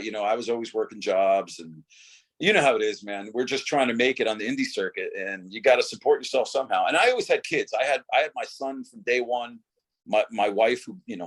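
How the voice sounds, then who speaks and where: A man's voice: on the low side, fairly bright tone, husky. A middle-aged man, a former wrestler, talking casually as an interview guest in a laid-back way, saying "dude" and "you know" often.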